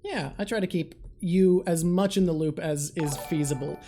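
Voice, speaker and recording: A woman hosting a live stream in casual chat, excitable, swearing, and talking in rushed bursts while thanking viewers. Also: lowish voice, faint music behind. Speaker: livestream host.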